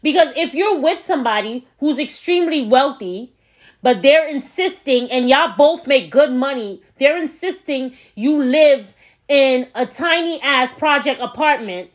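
A woman's voice: high voice, expressive, unhurried. A woman in casual chat, frank and playful, often laughing.

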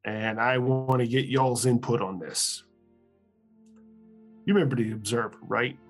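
A man chats loosely at a tabletop-game session, rambling and hedging with lots of "um" and quick laughs. His voice sits in the middle range, and faint music plays behind him. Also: medium pitch, fairly even intonation. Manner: rambling, hesitant, laughs often. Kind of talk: casual chat in a tabletop game podcast.

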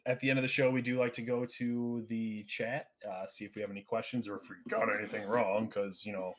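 A man's voice: fairly low pitch, little pitch movement, a little fast. Laid-back man hosting a gaming podcast. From United States. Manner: runs the segments, laughs often. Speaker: podcast host. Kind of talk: casual gaming podcast chat.

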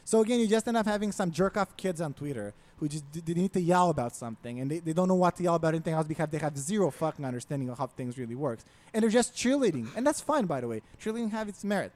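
A man's voice: a little high, racing, few pauses. A man on a podcast, ranting casually with a lot of swearing. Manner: profane, ranting, animated.

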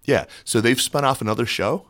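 A man's voice: mid-range voice, a little fast, a bit bright, no room sound. A man appearing as a guest on a podcast, casually talking up his network's shows.

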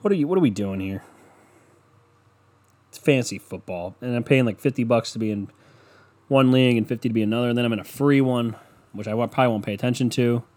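A man's voice: mid-range voice, fast talker, long pauses, a little mellow. A young man hosting a casual solo podcast, ranting with lots of swearing, mocking people and laughing at his own jokes. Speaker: podcast host.

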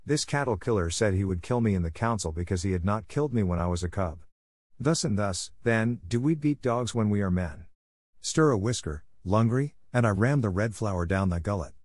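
A man's voice: fairly low pitch, animated, fairly quick, a little mellow, no echo. A man voicing a fierce, defiant boy raised by wolves in a storybook reading, commanding in manner.

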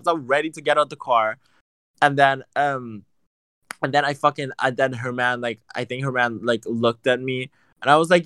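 A man in casual chat, telling a story in an animated, profane and sassy way. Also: medium pitch, a little fast, clean tone, dry recording.

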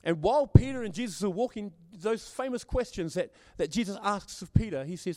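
A man's voice: high-pitched, animated, a little fast, darkish tone. A man preaching a sermon as pastor, stammering on repeated words and acting out the voices he quotes. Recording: long hall reverb.

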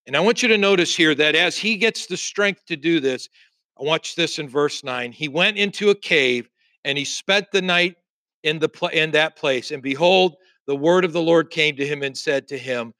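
A male pastor delivers a sermon in a bright, forceful voice that sits a little high for a man. He reads scripture aloud and presses his points with repeated refrains. The sound is dry and close, with no room echo. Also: moderate pace.

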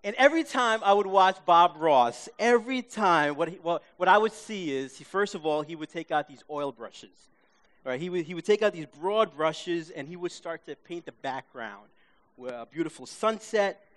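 A man from Queens, telling an animated story to a live audience, acting out his own reactions and checking in with listeners. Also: fairly high pitch, normal speed. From Queens, New York. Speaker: speaker.

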